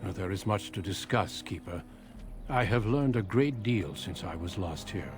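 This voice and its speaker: Grave middle-aged warrior, low and measured, game dialogue. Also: male voice, lively intonation, over music. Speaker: game character.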